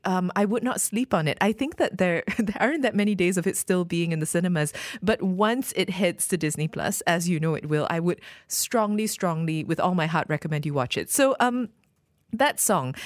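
A woman's voice: lowish voice, expressive, normal speed, no echo, studio quality. A woman co-hosting a radio film review show, chatting enthusiastically. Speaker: radio co-host.

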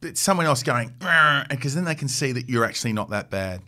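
A man's voice: mid-range voice, expressive, quick pace, bright, forceful tone. A middle-aged man with an Australian accent, chatting casually as a co-host in an easygoing way and laughing often. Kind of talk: casual chat.

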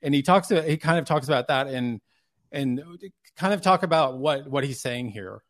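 A man's voice: medium pitch, expressive, moderate pace. A man hosting a podcast, asking his guest casual follow-up questions. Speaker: podcast host. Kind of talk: interviewing a guest.

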